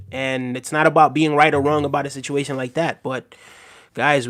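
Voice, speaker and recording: On his casual livestream, this male host speaks in a mid-range, fairly bright voice. He reads out comments from viewers and addresses them in a sincere, comforting manner, his speech full of fillers.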